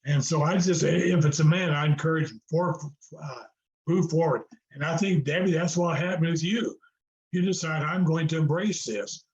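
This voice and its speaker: A man's voice: fairly high pitch, moderate pace. An older man, a guest on a video call, earnestly telling his story in a preacherly way, with fillers and repetition. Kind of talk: conversational storytelling. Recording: roomy, dull video-call audio.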